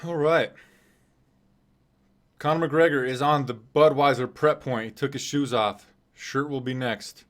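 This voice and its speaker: A man's voice: mid-range voice, fairly even intonation, unhurried, long pauses. A man from Nebraska hosting a live fight stream, commenting casually with a chatty, self-deprecating, wry manner. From Nebraska, USA.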